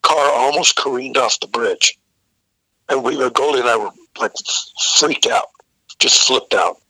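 Older male singer guest, very bright cutting voice, dry close sound, salty storyteller. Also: medium pitch, a little slow, slightly rough, no echo, poor audio. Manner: profane, vivid storyteller who acts out the people in his story. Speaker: guest vocalist. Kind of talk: storytelling in a casual interview.

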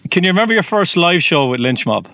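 A man's voice: sits high, very animated, fast talker, bright, forceful tone, slight background noise. A man interviewing a guest, asking brief, prompting questions in casual chat. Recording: tinny phone-line audio.

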